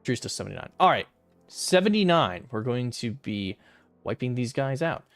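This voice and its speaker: A man's voice: mid-range voice, very animated, normal speed, no echo, soft background music. A young man streaming a strategy game, casually thinking aloud through his moves and muttering calculations, now and then flaring into exasperated rants. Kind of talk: casual gameplay commentary.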